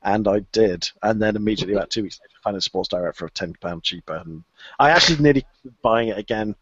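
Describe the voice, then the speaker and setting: A man's voice: lowish voice, quick pace, background noise. A man co-hosting a podcast, chatting casually and gushing about a favourite item, rambling with restarts and laughs. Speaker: podcast co-host. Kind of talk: casual chat. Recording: dull lo-fi podcast audio.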